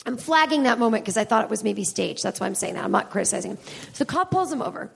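A woman's voice: fairly high pitch, animated, quick pace, vocal fry, slightly rough. A woman comedian hosting a live show on stage, rambling candidly and swearing freely with self-deprecating asides. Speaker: comedian podcast host. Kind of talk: live stand-up style chat with audience.

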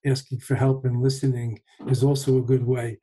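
A man in a reflective conversation, speaking in a measured, thoughtful way and often pausing to find his words. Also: medium pitch, flat delivery, dark tone, rough recording.

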